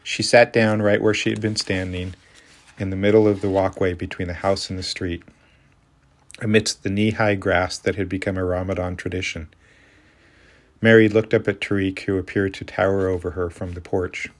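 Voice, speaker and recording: A man narrating a story in a calm, steady reading voice. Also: deep voice, normal speed. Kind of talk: audiobook narration.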